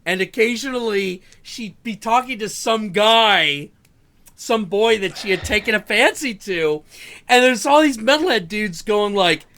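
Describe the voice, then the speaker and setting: A male stream host tells casual, animated stories, swearing freely and tripping over his own restarts. His voice sits high and swings widely in pitch. The tone is bright and forceful. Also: measured pace. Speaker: show host. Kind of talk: casual storytelling on a live stream.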